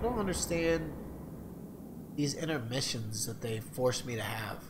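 A man giving casual gameplay commentary, rambling and swearing, with loud mock-taunting outbursts. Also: mid-range voice, expressive, unhurried, heavy background noise. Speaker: gamer. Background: loud game music and horse sounds.

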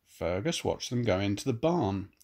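An older man, a grandfather, gently reading a picture book aloud to children and pointing out the pictures. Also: fairly low pitch, big pitch swings, moderate pace. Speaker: grandfather storyteller.

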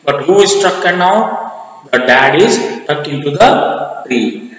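A man's voice: fairly high pitch, animated, slow, a bit bright. A man with an Indian English accent teaching a school English class, explaining a poem word by word and asking and answering his own questions. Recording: echoey, reverberant room.

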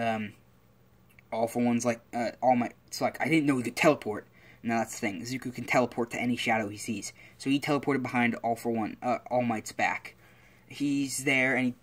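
A man's voice: mid-range voice, a bit bright. A man telling a story casually, rambling along with lots of fillers and restarts.

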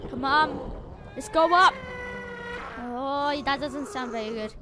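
A woman hosting a gaming channel, giving excitable Minecraft gameplay commentary full of exclamations and urging. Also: high voice, a little slow, background noise.

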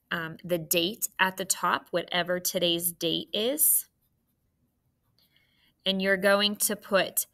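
A woman gives a phonics lesson to a class of third graders, her medium-pitched voice bright and forceful. She takes it slowly and clearly, with a patient, encouraging attitude.

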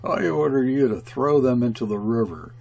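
A man's voice: medium pitch, animated, moderate pace, vocal fry, darkish tone. A man playing an indignant, stammering trading agent. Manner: stammering when angry.

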